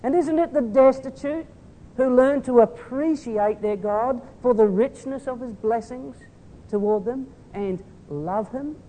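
A man preaching a sermon in an earnest manner, moving between soft tender asides and loud emphatic appeals. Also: unhurried. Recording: hall reverb with faint rumble.

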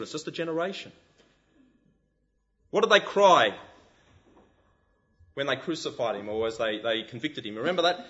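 A man preaching a sermon, animated and full of rhetorical questions. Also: mid-range voice, fairly quick, long pauses, muffled recording.

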